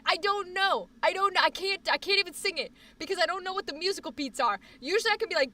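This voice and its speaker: High, bright-voiced rambling woman streamer. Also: quick pace, few pauses, far from the mic, slight background noise. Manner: rambling, profane, animated with sudden outbursts. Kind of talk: casual live-stream chat.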